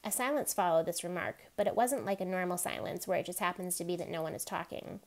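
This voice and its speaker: Woman reader, novel chapters aloud, steady and even, slightly low pitch. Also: fast talker.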